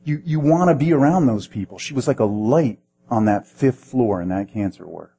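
A man's voice: mid-range voice, animated, normal speed, mellow, husky. A man preaching a sermon in a conversational way, asking the listeners questions and often repeating words as he restarts. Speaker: pastor.

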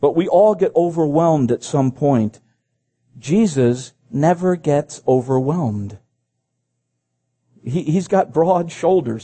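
A man's voice: on the high side, expressive, slow, mellow, slightly rough. A man preaching a sermon. He reads scripture aloud and breaks in with his own comments, repeating phrases as he goes.

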